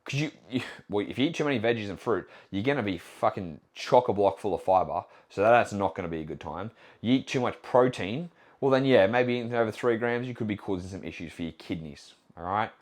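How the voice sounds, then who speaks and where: Blunt, swearing fitness coach. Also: male voice, on the low side, expressive, a little fast, few pauses. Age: 20s. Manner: blunt and profane, asks and answers his own questions. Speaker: nutrition coach and podcast host. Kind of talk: casual solo podcast monologue.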